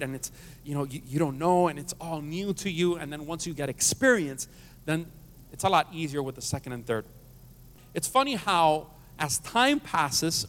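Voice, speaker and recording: A man's voice: on the high side, fairly bright tone. A man preaching as a pastor, mixing jokes with scripture and calling on the congregation to answer back. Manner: joking, asks the congregation to respond. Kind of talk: sermon. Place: church sanctuary. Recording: long reverb of a church hall.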